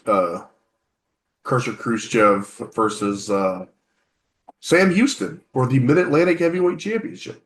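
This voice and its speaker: A man's voice: mid-range voice, fairly bright tone, echoey room. A man co-hosting a wrestling podcast in hesitant, casual chat. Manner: hesitant, many fillers. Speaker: podcast co-host.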